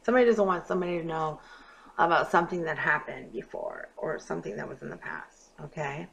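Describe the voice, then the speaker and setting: A woman giving a casual astrology and tarot reading to her viewers, talking emphatically and swinging from quiet murmurs to loud bursts. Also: low voice, wildly swooping pitch, quick pace, gravelly, slight background noise. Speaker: tarot reader.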